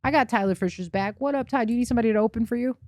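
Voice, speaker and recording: A young woman runs a comedy podcast with brash, joking banter and frequent laughter. Her voice sits fairly high. The sound is dry and close, with no room echo. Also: rapid-fire, a little mellow. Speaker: podcast host.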